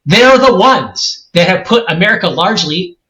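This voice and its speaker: A man's voice: high-pitched, animated, moderate pace, bright, forceful tone. A man in his forties from California, co-hosting a podcast discussion in a heated, emphatic rant. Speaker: co-host. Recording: roomy echoey room.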